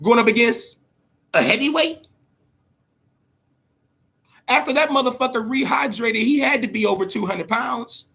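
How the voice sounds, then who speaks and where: A man hosting a boxing talk show, giving casual, profane commentary in an animated way, often repeating words and tagging on "man" and "all right?". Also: extremely high pitch, a little slow, vocal fry, pauses often, slightly rough. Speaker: boxing podcast host.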